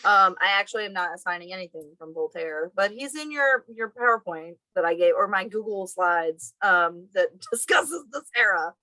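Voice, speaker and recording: A woman college instructor chats casually with her co-teacher at the end of a class session. Her voice is bright and forceful. She tells stories with animated, playful exasperation, and the recording is close and dry. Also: mid-range voice, moderate pace, hardly any pauses, dry recording, poor audio.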